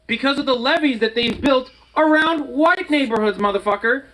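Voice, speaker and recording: High, sharp-voiced man ranting heatedly. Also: moderate pace, few pauses, low-quality recording. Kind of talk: ranting commentary clip.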